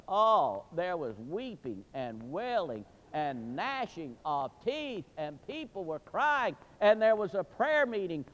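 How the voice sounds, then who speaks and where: A man preaching a sermon, telling a folksy story in an animated way with sudden loud bursts. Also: sits high, moderate pace. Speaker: pastor. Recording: dull recording with long hall reverb.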